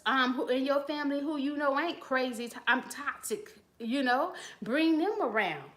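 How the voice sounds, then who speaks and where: A woman hosting a live stream from her phone, casually and bluntly preaching advice in slangy talk while greeting viewers in the chat. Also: high voice. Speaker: channel host giving advice.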